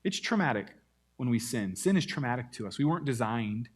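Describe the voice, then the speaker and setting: A man preaching a sermon, telling a Bible story with lively acted-out quotes. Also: medium pitch, a little fast, husky. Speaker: pastor.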